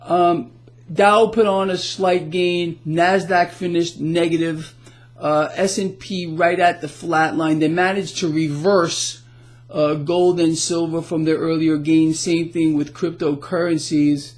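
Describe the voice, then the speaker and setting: A middle-aged man hosting a casual market commentary blog, animated and sarcastic, stumbling into restarts. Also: fairly high pitch, takes it slowly.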